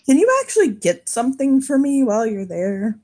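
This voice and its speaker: A man's voice: very high-pitched, expressive, a little fast, a little mellow, pitched above the performer's own voice. A woman voicing a laid-back male poisoner with a wolfish grin, talking in a wry, offhand drawl. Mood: curious.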